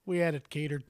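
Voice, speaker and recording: A man's voice: a little high, no echo, studio quality. A man in his fifties, co-hosting a podcast, who tells joking stories with crude humor in casual chat. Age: 50s. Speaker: podcast co-host.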